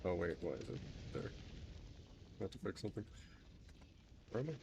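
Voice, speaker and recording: Low-voiced man rambling over a game. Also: big pitch swings, moderate pace, creaky, a little mellow, slight background noise. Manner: rambling, self-mocking, trailing off mid-sentence. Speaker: game streamer. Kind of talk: casual gameplay commentary.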